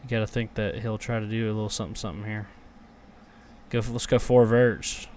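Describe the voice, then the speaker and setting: A man's voice: on the low side, little pitch movement, brisk, a little mellow, a little hiss or hum. A young man reacting live to a football game, grumbling and cursing at his team and then erupting into cheers on big plays. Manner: frustrated, swears, talks back to chat.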